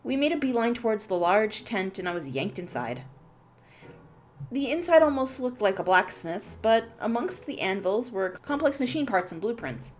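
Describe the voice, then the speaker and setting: A woman hosting a let's play, reading a visual novel's narration aloud in an expressive storytelling manner. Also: mid-range voice, normal speed.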